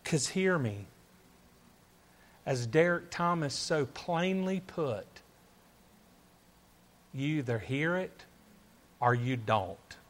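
A male preacher delivering a sermon at an unhurried pace. His voice sits a little high for a man. He presses his points by repeating phrases and asking his listeners question after question. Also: animated. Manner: emphatic, repeats himself, rhetorical questions.

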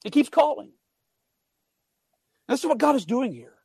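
A man preaching a sermon, earnest and emphatic, building up then dropping to quiet asides. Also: very high voice, expressive, moderate pace, creaky, pauses often, breathy edge, dry recording.

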